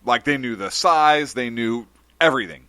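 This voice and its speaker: A man co-hosting a casual podcast chat, telling an anecdote with lively, playful delivery. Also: mid-range voice, normal speed, clean tone, no echo. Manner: animated storyteller, acts out voices in anecdotes. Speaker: podcast co-host.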